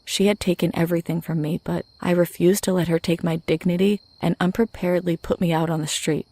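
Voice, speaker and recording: A woman reads a first-person horror story in a low, even voice with a gravelly edge. Her telling is measured and steady, recorded dry and close. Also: no room sound. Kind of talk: scripted first-person narration.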